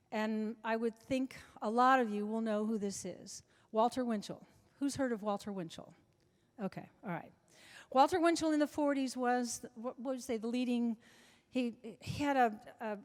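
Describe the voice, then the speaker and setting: An older woman, in her seventies, spins rambling anecdotes as an interview guest and keeps circling back and restarting her sentences. Her voice sits a little high for a woman, and it carries a long reverb from a large hall. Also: steady tone, normal speed. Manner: chatty anecdotal storyteller with many restarts. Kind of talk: storytelling in a live interview. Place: large club function room before an audience.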